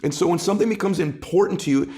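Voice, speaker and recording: A middle-aged author, appearing as a podcast guest, speaks passionately in a conversational interview and builds emphasis by repeating phrases. His high, warm voice comes out rapid-fire.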